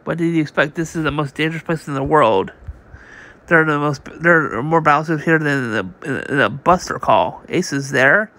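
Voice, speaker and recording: On his channel, a man reads a comic aloud in a casual, unpolished way, often restarting and voicing the sound effects. His voice is a little high, brisk, and bright, with a forceful edge.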